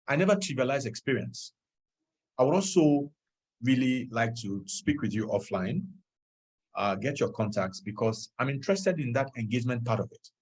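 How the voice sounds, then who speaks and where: A man's voice: medium pitch, a little mellow, husky. A Nigerian man, a political candidate, answering questions earnestly and with feeling over a video call. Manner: earnest, measured, openly moved.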